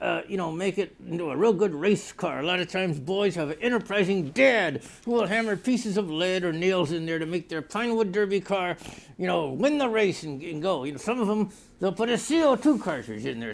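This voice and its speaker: Gravelly high-voiced comic host. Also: male voice, expressive, fairly quick. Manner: mock pitchman voice, sudden jumps in pitch and loudness. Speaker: comedy host of a spoof news show. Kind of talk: rambling deadpan comic monologue.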